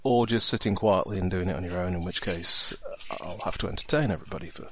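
Background noise accompanies a game master's low-sitting, fast voice as he sets up a tabletop role-playing game. His casual chat rambles, full of fillers and asides.

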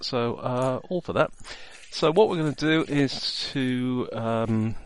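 A man acting as game master sets up a tabletop role-playing game, chatting casually and rambling with plenty of fillers and asides. His voice is medium-pitched and slow-paced.

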